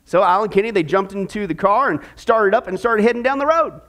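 High-voiced joking pastor. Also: male voice, a little fast. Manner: joking, chatty, lively. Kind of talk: sermon.

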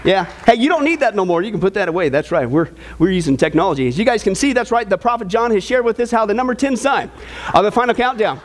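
High-voiced joking pastor, man. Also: fast. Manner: animated, jokey, tosses in audience asides. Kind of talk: joking sermon.

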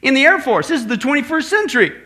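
A man voicing a gruff, commanding male air force general in a joke told during a sermon. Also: very high-pitched, sing-song, fast talker, pushed and bright, pitched above the performer's own voice, full character voice. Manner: commanding, exasperated.

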